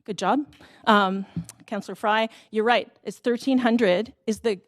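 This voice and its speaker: A woman in her thirties or forties gives public comment at a city council hearing. Her voice sits a little high and close, with a dry, dead sound. She pleads with feeling and breaks into brief laughs. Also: fairly even intonation, a little slow, dry recording.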